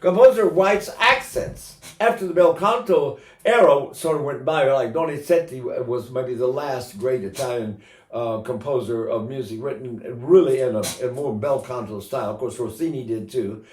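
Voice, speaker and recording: A man's voice: mid-range voice, normal speed. A man in his eighties giving an informal singing lesson as a voice teacher, talking in a chatty way with joking asides. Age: 80s. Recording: roomy echo.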